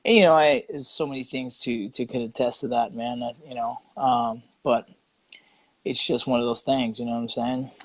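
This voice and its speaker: A man's voice: medium pitch, steady tone, normal speed, dry recording, rough recording. A middle-aged man talking casually as a guest, laid-back and profane, leaning on "you know" and "right" and acting out quotes. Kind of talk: casual interview chat.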